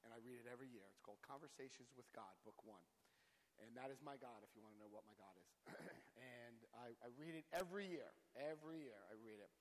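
Animated man telling his recovery story. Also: medium pitch, fast, big-room sound, low-quality recording. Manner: animated storyteller, acts out voices loudly. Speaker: speaker sharing recovery story. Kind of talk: recovery talk to a group.

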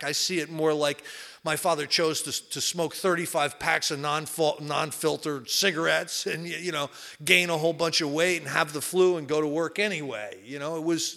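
Bright-voiced man telling his story. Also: on the high side, creaky. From New Jersey. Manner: candid, rambling, with many fillers and repeats. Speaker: recovery speaker. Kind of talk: personal testimony talk.

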